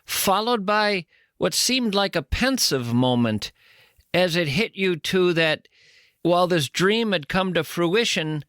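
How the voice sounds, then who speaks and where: A male host retells his guest's story in dramatic terms, sometimes dropping low to read a line aloud. His voice is fairly high and recorded dry and close. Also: expressive, slow pace, a bit bright, dry recording. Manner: dramatic recaps, reads lines aloud in a low voice. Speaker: radio host. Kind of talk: interview talk.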